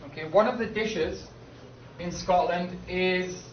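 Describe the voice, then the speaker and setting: Man teaching a class, slightly high voice, distant echoey classroom, dull lo-fi sound, slow emphatic delivery. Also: slight background noise. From Britain. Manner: repeats "okay?" to check understanding, slow emphatic key words. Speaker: English teacher. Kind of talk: classroom lecture.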